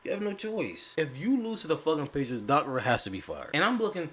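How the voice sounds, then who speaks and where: A man's voice: on the high side, very animated, fast talker, a bit bright, husky. A man ranting about basketball in a casual, profane commentary, firing rhetorical questions in exasperation.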